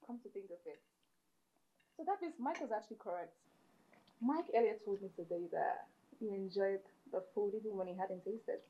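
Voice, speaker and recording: A woman's voice: mid-range voice, moderate pace, slightly rough, lo-fi sound, close to an everyday voice. A woman playing an eager young woman, bubbly and laughing easily in a comedy skit. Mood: puzzled. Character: cheerful young woman cook, sweet and eager.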